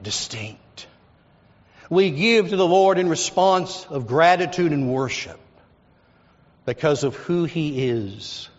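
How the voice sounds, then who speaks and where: A man's voice: medium pitch, darkish tone. A man from Texas, a pastor, preaching a sermon in a church, telling stories and driving points home with lists and repetition. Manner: storytelling with emphatic repetition and lists. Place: church sanctuary. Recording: dull lo-fi sound with long hall reverb.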